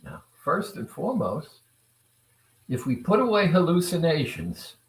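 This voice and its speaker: Slow, deliberate man in an echoey room. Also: fairly high pitch, huge pitch swings. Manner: deliberate, repetitive, asks the audience rhetorical questions. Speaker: self-improvement speaker. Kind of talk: motivational talk to viewers. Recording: roomy echo.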